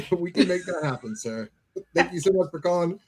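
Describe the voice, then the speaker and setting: A man co-hosting a live call-in show, easygoing and quick to laugh, thanking each caller. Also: high voice, expressive, a little mellow, husky. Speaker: show co-host.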